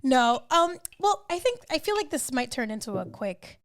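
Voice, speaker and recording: A woman co-hosting a podcast, telling stories in a casual, animated way and swearing freely. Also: sits high, normal speed. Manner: animated storytelling, swearing, laughing often. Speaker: podcast co-host. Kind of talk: casual chat.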